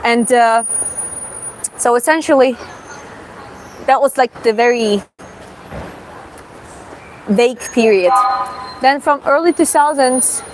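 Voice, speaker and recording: A young woman from Georgia with a Georgian accent gives a casual live-streamed walking tour, talking haltingly with many fillers and restarts. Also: a little high. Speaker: vlogger giving a city walking tour. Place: outdoors on a city street. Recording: faint street traffic behind.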